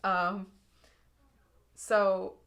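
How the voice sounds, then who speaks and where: A woman's voice: mid-range voice, flat delivery, extremely slow, gravelly, a bit bright. A young woman giving an intuitive tarot reading to her viewers, earnest and emotional, often repeating and restarting her phrases. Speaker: tarot reader.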